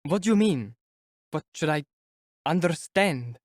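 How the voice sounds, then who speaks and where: A man's voice: a little high, animated, a little slow, dry recording, studio quality, voice pushed up. A man doing an earnest, flustered young clerk.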